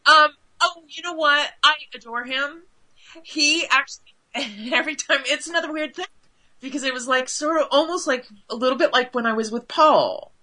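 A woman guest in a casual interview, chatty and animated, with lots of fillers and quick asides. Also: high-pitched, poor audio.

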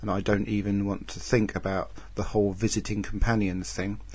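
A man co-hosting a casual podcast, reading listener letters aloud in a dry, deadpan way. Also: lowish voice, a little fast, breathy edge.

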